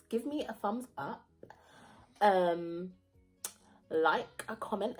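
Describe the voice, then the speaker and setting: Young vlogger, lively storyteller, wide-ranging voice, soft music under. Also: female voice, mid-range voice. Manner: animated, acts out voices, laughs often. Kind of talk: casual storytime.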